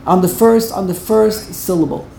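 A woman's voice: medium pitch, moderate pace, creaky, warm tone, a little hiss or hum. A woman teaching a Torah grammar class, emphatic and repeating words while she corrects pronunciation. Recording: echoey room.

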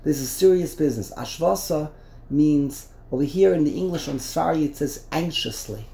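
A man's voice: fairly high pitch, normal speed, vocal fry, dark tone, echoey room. A man teaching a Torah class, explaining a text line by line, often repeating and restarting words.

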